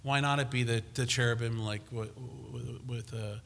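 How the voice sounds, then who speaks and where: A man's voice: mid-range voice, fairly even intonation, normal speed, creaky, fairly bright tone, a little hiss or hum. A man preaching a sermon on scripture, emphatic and given to restarts and fillers as he teaches.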